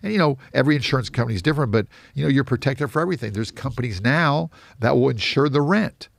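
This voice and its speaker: A man from the United States, an interview guest who tells lively anecdotes full of quoted dialogue. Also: medium pitch, quick pace, creaky, no echo, clean studio sound. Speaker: real estate investor guest. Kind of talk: storytelling interview.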